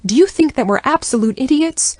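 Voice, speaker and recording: A woman's voice: on the high side, very animated, normal speed, no room sound, voice pushed up. A woman voicing a snobbish older wealthy grandmother who hisses with disdain. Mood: disdainful. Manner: hissing, disdainful.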